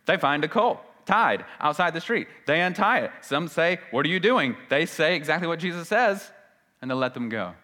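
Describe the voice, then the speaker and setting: A man's voice: a little high, expressive, normal speed. Emphatic male preacher in an echoing hall. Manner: emphatic, swings between loud and hushed, repeats for stress. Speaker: pastor. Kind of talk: sermon. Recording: long reverb of a large hall.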